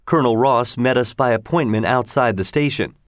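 A man narrating a storybook in a plain, steady reading voice. His voice sits at a middle pitch, and the recording is dry and close, with no room sound. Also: brisk, no echo. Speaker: audiobook narrator.

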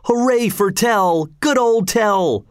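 A man voicing an excited village crowd, shouting in high, strained bursts. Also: takes it slowly, smooth, dry recording, studio quality. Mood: rowdy cheering.

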